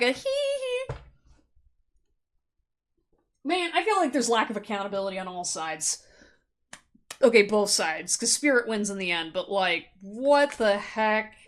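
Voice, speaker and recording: A woman giving a casual pick-a-card tarot reading in a chatty, animated way, laughing often and playfully acting out quoted thoughts. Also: medium pitch, unhurried. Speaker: tarot reader.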